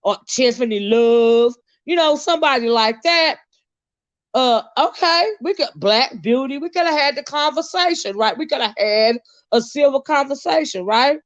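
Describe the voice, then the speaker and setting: A woman host ranting on a live stream, swearing heavily and swinging between shouts and mutters. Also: lively intonation, normal speed, no echo, dull audio. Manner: profane, heated, swinging pitch. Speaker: online commentator.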